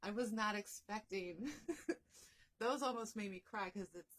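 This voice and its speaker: A woman vlogging as she unboxes a crochet gift, gushing and excitable, often repeating herself. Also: medium pitch, measured pace. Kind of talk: unboxing vlog.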